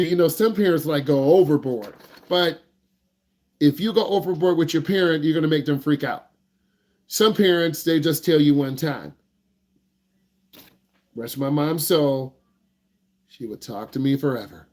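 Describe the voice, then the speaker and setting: Man, driving instructor, live online class, jokey, animated, slightly higher voice. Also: a little slow, pauses often. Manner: lively, joking, acts out parents.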